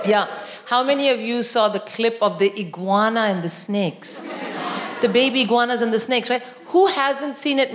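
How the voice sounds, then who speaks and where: A middle-aged woman from India doing animated live stand-up comedy, often shouting and mimicking voices. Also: on the high side. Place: large live venue with audience. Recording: echoey hall, loud crowd laughter.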